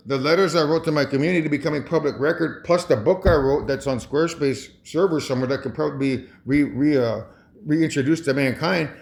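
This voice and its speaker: A man's voice: a little high, a little mellow. A man talking to camera in a rambling monologue, chuckling often and restarting his phrases. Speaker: vlogger.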